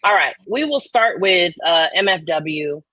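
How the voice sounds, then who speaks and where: A woman's voice: lowish voice, animated, measured pace, sharp tone, no room sound, low-quality recording. A woman hosting a casual livestream, reading online comments aloud in a laid-back way. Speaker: host.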